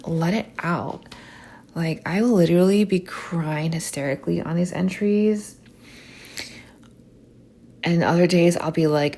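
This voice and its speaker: A young woman hosting a podcast, talking softly and unfiltered in a chatty stream of consciousness, full of "like" fillers. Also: lowish voice, vocal fry. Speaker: podcast host. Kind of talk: soft stream-of-consciousness monologue.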